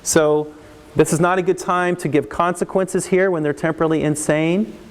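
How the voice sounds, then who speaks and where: A middle-aged man, a counselor giving a parenting talk to a live audience, lively and acting out parents and kids. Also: a little high, moderate pace. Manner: animated, acts out parents and kids in raised voices. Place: large hall with live audience. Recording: long reverb of a large hall.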